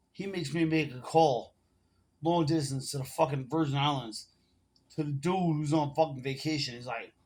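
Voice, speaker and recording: A man's voice: mid-range voice, fairly even intonation, normal speed, darkish tone. A man in his forties telling a long personal story to his phone camera in casual, rambling street slang full of swearing. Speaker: vlogger.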